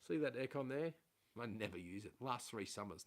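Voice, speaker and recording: A man's voice: medium pitch, lively intonation, fairly quick. Middle-aged aussie bloke rambling on a home livestream, swears a lot, loses his train of thought. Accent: Australian. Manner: rambling, swears freely, self-aware about waffling. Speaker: livestream host. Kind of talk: casual rambling livestream chat. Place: at home indoors.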